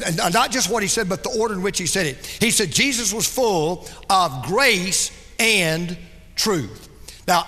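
A man preaching a sermon as pastor, with dramatic delivery that drops soft and low for emphasis. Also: big-room sound.

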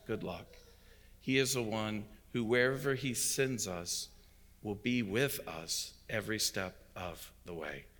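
A man's voice: medium pitch, fairly bright tone. A man, a visiting pastor, delivering an emphatic sermon that swells and drops in intensity. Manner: emphatic preaching with rising and falling intensity. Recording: long hall reverb.

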